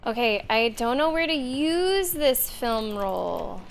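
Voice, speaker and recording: A young woman with a slightly high voice talks through a game session into a desk mic, thinking out loud and dropping in plenty of "okay"s. Her pacing is relaxed and slow, with faint room hum underneath. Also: gravelly. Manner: thinking aloud, chatty with many "okay"s. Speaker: streamer. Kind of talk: casual gameplay commentary.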